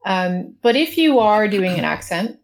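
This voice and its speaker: A woman's voice: medium pitch, animated, a little slow. A woman on a casual panel, asking follow-up questions in a friendly way.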